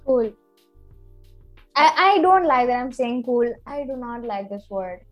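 A giggly, teasing woman in a casual podcast chat. Her voice sits very high and she talks at an unhurried pace, with faint music in the background. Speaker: podcast co-host.

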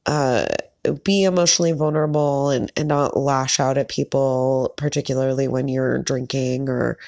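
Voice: mid-range voice, vocal fry, a little mellow. A podcast host talking casually on their own, chatty and opinionated, with lots of filler words. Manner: opinionated, candid. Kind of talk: casual solo commentary.

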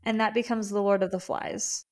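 A woman's voice: mid-range voice, steady tone, moderate pace. A woman co-hosting a casual book podcast, recapping the plot with wry, dry asides. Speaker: podcast co-host.

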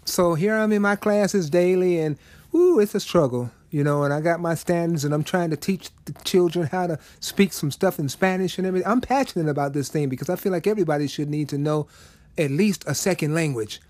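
A man's voice: on the high side, brisk, a little mellow, dry recording. A middle-aged man preaching a storytelling sermon in a folksy, conversational way with emphatic turns.

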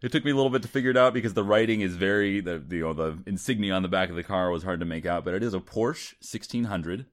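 A man's voice: low-pitched, fast talker, few pauses. A man co-hosting a casual podcast, chatting about a film with friends, laughing often and restarting his sentences. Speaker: podcast co-host. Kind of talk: casual movie-discussion chat.

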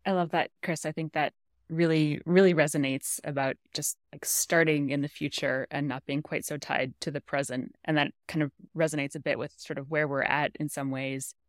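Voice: mid-range voice, fairly even intonation, moderate pace, no room sound, clean studio sound. Thoughtful, hesitant podcast co-host. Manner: thoughtful, hesitant, with many fillers and restarts. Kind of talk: conversational interview question.

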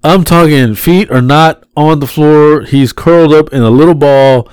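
A man's voice: fairly high pitch, moderate pace, smooth. A man casually telling rideshare stories as a podcast co-host, swearing freely and acting out his passengers' voices. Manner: animated, acts out passengers' voices. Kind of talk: casual storytelling with profanity.

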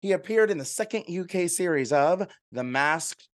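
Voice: mid-range voice, lively intonation, moderate pace. A podcast co-host in casual chat, playful and laughing often.

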